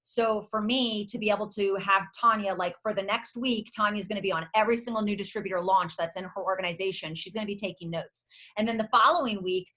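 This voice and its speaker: Bright, emphatic woman coaching her team. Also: medium pitch, quick pace. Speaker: network marketing team leader. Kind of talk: motivational leadership call. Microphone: video or conference call.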